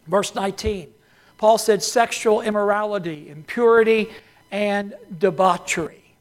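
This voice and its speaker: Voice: mid-range voice, measured pace. A preacher delivering a sermon, repeating key phrases for emphasis and calling on the congregation to say lines back and answer.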